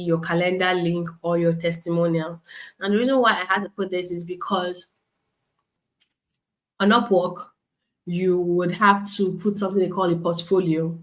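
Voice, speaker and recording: Low-voiced woman teaching an online class. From Nigeria. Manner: conversational, repeats points, reads chat comments aloud. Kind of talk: live virtual class teaching. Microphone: computer mic on a live stream.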